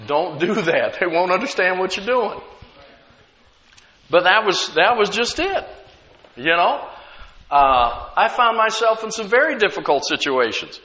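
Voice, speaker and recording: Lively bright-voiced pastor preaching in a hall. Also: male voice, high-pitched, measured pace. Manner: conversational preaching with rhetorical questions. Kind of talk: sermon.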